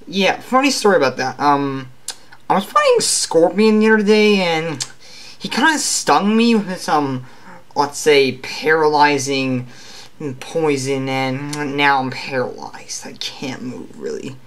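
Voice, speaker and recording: A man's voice: on the high side, big pitch swings, measured pace, fairly bright tone. A man voicing a paralyzed young superhero who mumbles in a whiny, half-whispered way.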